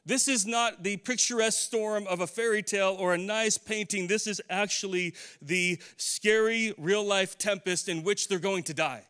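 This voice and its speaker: A man's voice: high-pitched, normal speed, hardly any pauses, fairly bright tone, smooth. A middle-aged man preaching a conversational sermon, putting questions to his congregation. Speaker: pastor.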